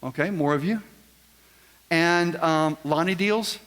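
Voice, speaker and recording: Speaking slowly in a fairly bright, slightly high voice, a man delivers a live seminar talk. He jokes around and quizzes the crowd in a folksy way, and the big event room adds long hall reverb.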